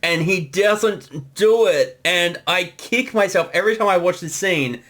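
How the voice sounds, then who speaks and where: A man's voice: high voice, measured pace, a bit bright. A man chatting casually through a creator commentary, telling anecdotes and laughing along the way.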